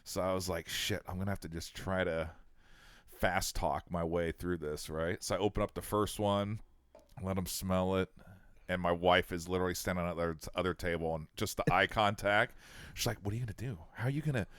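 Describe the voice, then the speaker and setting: Deep-voiced man telling a story. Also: moderate pace, smooth, no room sound. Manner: animated, quotes people in put-on voices. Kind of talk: casual storytelling.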